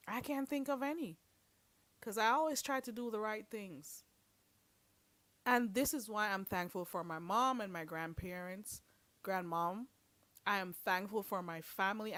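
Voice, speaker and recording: A woman's voice: mid-range voice, no echo. Blunt, sassy woman streaming commentary. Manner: blunt, sassy, preachy, calls listeners "girl". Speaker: livestream host. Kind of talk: livestream commentary.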